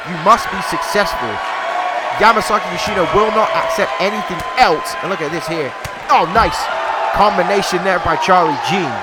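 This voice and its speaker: A man giving excited play-by-play commentary on a video game wrestling match, shouting at the big moves and talking to the folks watching. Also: high-pitched. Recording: loud game music and crowd noise behind. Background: video game wrestling crowd and music.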